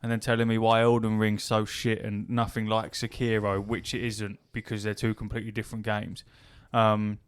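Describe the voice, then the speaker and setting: A man talking on a podcast in a blunt, argumentative way, swearing as he goes. His voice sits a little low, and he pushes back hard against his co-host. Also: completely flat delivery, moderate pace, few pauses, clear, resonant tone. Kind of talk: casual chat.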